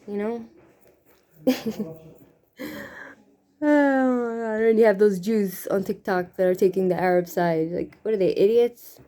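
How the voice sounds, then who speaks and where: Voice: medium pitch, dark tone. A drag queen with a Brooklyn accent chatting casually while doing makeup, rambling and tagging "you know" onto many sentences.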